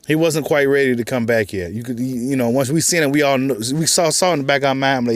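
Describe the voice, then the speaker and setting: A man's voice: medium pitch, fast talker, hardly any pauses, dry recording, faint music behind. A man with a Texan accent giving casual, rambling boxing commentary, full of slang and repeated filler phrases. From Texas. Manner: loose, rambling, slangy, repeats "you know what I'm saying".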